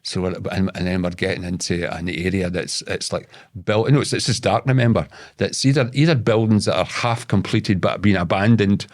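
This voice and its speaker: Low-voiced, salty Scottish man telling a yarn. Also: brisk, few pauses. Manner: salty, swears freely, stumbles and repeats words. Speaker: podcast guest. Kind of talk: casual storytelling.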